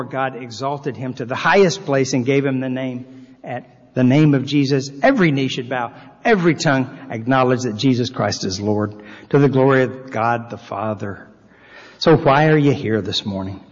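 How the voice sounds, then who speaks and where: Husky guy preaching in a church, earnest, big long echo, kinda dull sound. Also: mid-range voice. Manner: earnest preaching, reads scripture aloud with swelling emphasis. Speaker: pastor. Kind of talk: sermon. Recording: long hall reverb, slightly dull sound.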